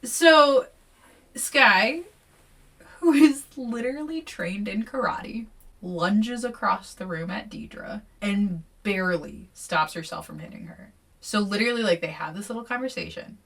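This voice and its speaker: A woman's voice: medium pitch, slow, a bit bright, far from the mic. A woman co-hosting a casual book podcast, talking animatedly, swearing freely and acting out quotes. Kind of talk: casual book-club chat and reading aloud.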